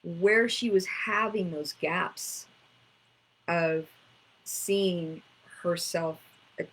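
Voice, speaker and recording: Husky-voiced woman in her fifties teaching. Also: on the low side, very slow, a bit bright, poor audio. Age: 50s. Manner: conversational storytelling, acting out dialogue with inner parts. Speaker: inner child workshop teacher. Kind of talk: casual teaching talk.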